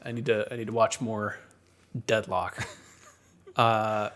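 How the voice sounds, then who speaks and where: A man's voice: on the low side, fairly even intonation, fairly bright tone. Upbeat man reading race listings. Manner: reads schedules and listings in a quick, upbeat way. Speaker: podcast co-host. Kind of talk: casual podcast chat.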